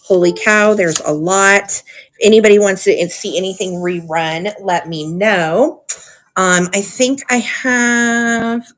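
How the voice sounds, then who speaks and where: A woman's voice: mid-range voice, slow, a bit bright. A woman hosting a live online auction stream, chatty and gushing, with frequent ums as she shows items. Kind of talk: live sale stream chat.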